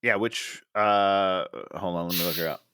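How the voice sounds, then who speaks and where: A man's voice: sits low, moderate pace, sharp tone, smooth. A man co-hosting a podcast in casual chat, blunt and wry, laughing often. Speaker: podcast co-host.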